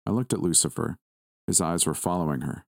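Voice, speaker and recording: Man narrating creepy story, real low voice, dry close sound, steady pace. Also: creaky, no echo. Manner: measured, steady reading. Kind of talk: scripted first-person horror narration.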